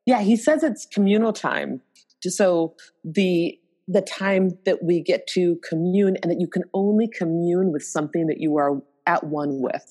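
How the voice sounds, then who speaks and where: A woman's voice: fairly low pitch, measured pace, mellow. Enthusiastic woman podcast co-host. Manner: enthusiastic, gushing. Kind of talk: casual chat.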